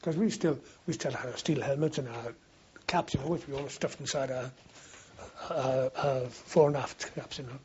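A man's voice: mid-range voice, fairly even intonation, moderate pace, a little mellow, dull audio, slight background noise. An older man, a war veteran, recalling old times in a rambling, anecdotal way for an oral history interview. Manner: rambling anecdotal storytelling, frequent restarts.

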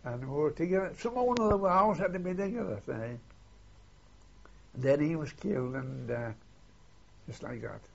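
Older man, gravelly and husky with a slightly raised pitch, spins rambling anecdotes and keeps checking in with "see?". Captured on a dull, lo-fi old tape. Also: expressive, brisk, pauses often. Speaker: interviewee recalling war memories. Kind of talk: oral history storytelling.

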